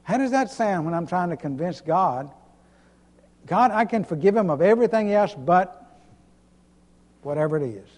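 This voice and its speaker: A pastor preaching an emphatic sermon, repeating himself and chuckling between points. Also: male voice, high-pitched, expressive, normal speed, long pauses, darkish tone. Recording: long hall reverb.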